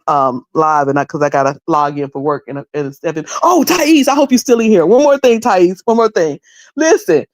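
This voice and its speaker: A middle-aged woman with a North Carolina Southern accent chats casually with her livestream viewers. Her voice swings lively up and down as she repeats phrases and mimics people. The recording is dry and close, with no room echo. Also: sits low. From High Point, North Carolina. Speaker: livestream host.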